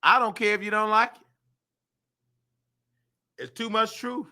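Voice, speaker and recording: A man hosting a casual commentary show, talking in an animated, preachy way and breaking into sung and recited lyrics. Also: high voice, measured pace. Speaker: host.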